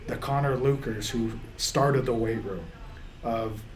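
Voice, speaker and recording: Speaking slowly in a mid-range voice, a man who coaches football gives an emotional interview about his team's season. He rambles and starts over as he relives it, getting choked up and laughing through his tears.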